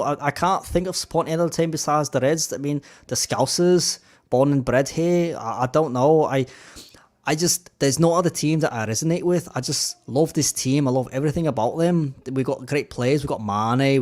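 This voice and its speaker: A man's voice: medium pitch, a little mellow, close to an everyday voice. A man voicing a proud lifelong Liverpool fan in a put-on Liverpool accent, bragging about his team. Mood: boastful. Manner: brash, rapid bragging delivery.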